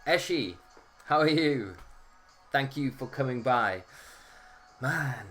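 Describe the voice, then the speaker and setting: A man's voice: mid-range voice, expressive, slow, fairly bright tone. Chatty man hosting a stream. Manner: chatty, greets viewers by name. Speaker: live-stream host. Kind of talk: casual live-stream chat.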